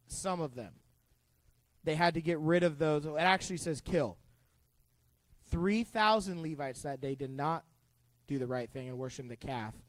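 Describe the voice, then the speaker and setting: A youth pastor talking to middle schoolers, lively and chatty, acting out the characters and questioning the room. His voice sits high for a man, and the sound is dry and close. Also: dry recording. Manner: animated, conversational, acts out characters, asks the group questions. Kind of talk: youth group Bible teaching.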